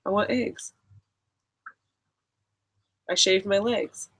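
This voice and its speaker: A woman's voice: mid-range voice, steady tone, extremely slow, a bit bright, breathy edge. A young woman with a Southern American accent in casual live chat, chatty and full of fillers. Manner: chatty, filler-heavy, laughs often. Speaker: vlogger.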